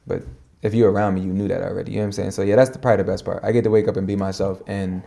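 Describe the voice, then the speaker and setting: Gravelly, low-voiced man, quick slangy podcast guest talk. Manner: fast-talking, slangy, animated. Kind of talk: casual conversation.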